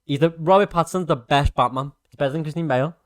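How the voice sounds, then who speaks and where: A young man with a Liverpool accent hosting a podcast, talking in blunt, excitable, sweary banter. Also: a little high, fast, no echo, clean studio sound. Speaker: podcast host. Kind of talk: casual chat.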